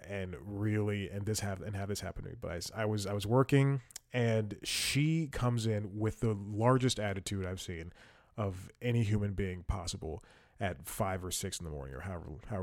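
A man's voice: fairly low pitch, normal speed, darkish tone, no echo, studio quality. A young man telling a work story in a casual podcast monologue, rambling with fillers, restarts and wry laughs. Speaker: podcast host.

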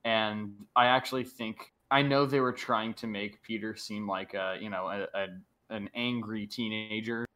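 Young man, podcast co-host, bright voice, chatty, interjecting. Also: on the low side, steady tone, moderate pace. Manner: chatty, interjects, heavy use of "like". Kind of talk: casual chat.

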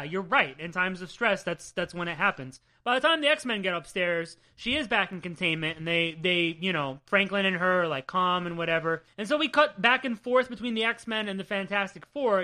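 A woman co-hosting a podcast, recapping a comic in casual chat, swearing often and laughing as she goes. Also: mid-range voice. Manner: swears a lot, animated and laughing. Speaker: podcast co-host.

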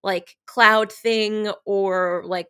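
A woman's voice: medium pitch, fairly even intonation, very slow, fairly bright tone, smooth. A woman co-hosting a podcast, casually retelling a romance novel's plot in a loose, filler-heavy way, full of quoted back-and-forth. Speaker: podcast co-host.

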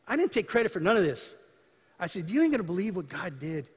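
A man's voice: high-pitched, animated, quick pace, fairly bright tone, slightly rough, long reverb tail. A male pastor preaching a sermon in a conversational, storytelling way, acting out the lines of people in his stories.

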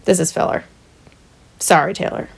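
A young woman co-hosting a podcast in casual chat, playful and joking. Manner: playful, joking, quick asides. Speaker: podcast co-host.

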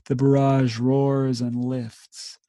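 A man reading war poetry aloud with slow, measured emphasis, then discussing it casually as a podcast co-host. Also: medium pitch, little pitch movement, warm tone, no echo.

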